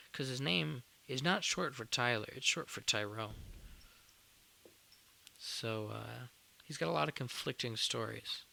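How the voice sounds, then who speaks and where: A young man tells a work story as a podcast host, rambling and exasperated, dropping casual curses. His voice has a gravelly fry and a bright edge. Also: medium pitch, a little hiss or hum.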